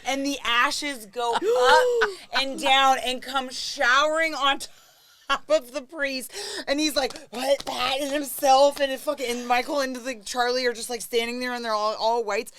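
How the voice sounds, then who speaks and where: A woman's voice: sits high, normal speed, fairly bright tone. A woman in her thirties, a podcast guest, chatting casually and telling a crude, giggly story. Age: 30s. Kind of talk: casual chat.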